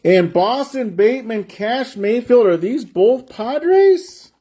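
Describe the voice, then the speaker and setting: A man with a fairly high voice hosts a live card break stream. He chats in a loose, rambling way and stretches out each player's name as he reveals it. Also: expressive, takes it slowly, mellow. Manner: chatty, rambling, drawls out player names while opening packs.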